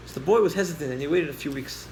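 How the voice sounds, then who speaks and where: A man teaching a class, telling a story with lively acted-out dialogue and questions to the listeners. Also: a little high, rapid-fire, a little hiss or hum, low-quality recording.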